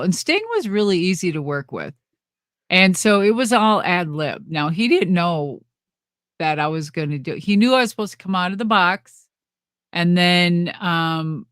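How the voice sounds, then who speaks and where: A woman's voice: mid-range voice, no echo, clean studio sound. A middle-aged woman telling a backstage story in a casual interview, rambling and laughing often as she acts out what people said. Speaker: interview guest.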